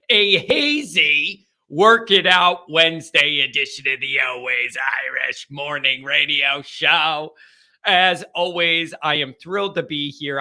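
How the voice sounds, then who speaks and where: High, bright-voiced chatty male show host. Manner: chatty, joking asides to listeners; emphatic, fired up about his team. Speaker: host of a fan call-in radio show. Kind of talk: casual morning show monologue.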